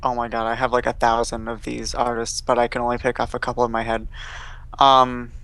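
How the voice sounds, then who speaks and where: A man co-hosting a casual podcast chat, animated and swearing casually as he reminisces. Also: mid-range voice, a little fast, clean tone, no echo. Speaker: podcast co-host.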